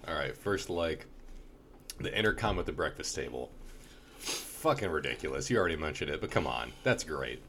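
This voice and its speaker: A man's voice: a bass voice, animated, moderate pace, fairly bright tone, slight background noise. A man in casual conversation about a movie, laid-back and dry. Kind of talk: casual movie review chat.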